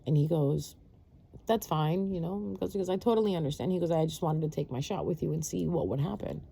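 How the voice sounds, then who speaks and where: Female storyteller, gravelly, dark tone, casual and rambling. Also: deep voice, fast talker. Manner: rambling, many fillers and restarts. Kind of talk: personal storytelling.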